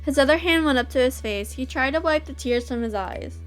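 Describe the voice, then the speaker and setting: A woman's voice: sits high, brisk, soft background music. A woman host reading a visual novel aloud, breaking off into giggly, gushing asides.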